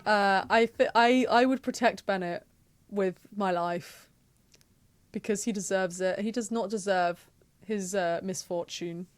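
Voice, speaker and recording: A woman's voice: mid-range voice, a little slow, pauses often, no echo. A woman who streams games, chatting casually, laughing often and reading the game text aloud. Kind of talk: casual gameplay commentary.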